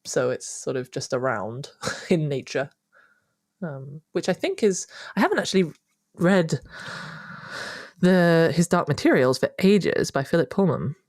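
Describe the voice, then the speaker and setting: A woman with a very low voice co-hosting a podcast. She talks in an enthusiastic, meandering way. The sound is dry and close. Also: big pitch swings, a little slow, a little mellow, no echo. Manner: enthusiastic, rambling. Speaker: podcast co-host. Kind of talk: casual chat.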